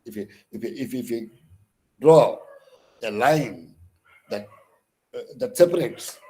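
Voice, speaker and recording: Speaking with a mellow, mid-range voice at a measured pace and pausing often, a man with an Indian English accent lectures online about poetic meter. He's a counsellor who teaches English literature, and his delivery is hesitant, full of fillers and restarts, with stressed syllables whenever he reads examples.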